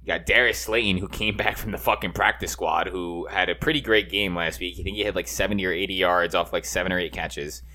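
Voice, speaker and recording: A man's voice: low-pitched, steady tone, fast, hardly any pauses, bright, forceful tone. A man co-hosting a podcast, talking football picks in a rambling, profane, enthusiastic way. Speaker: podcast co-host. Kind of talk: casual sports chat.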